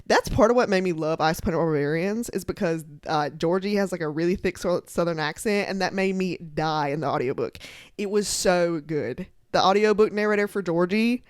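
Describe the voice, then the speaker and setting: A young woman chatting casually about books to her followers, animated and full of filler words and laughter. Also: on the low side, moderate pace, no echo, studio quality. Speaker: book content creator. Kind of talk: casual chat to camera.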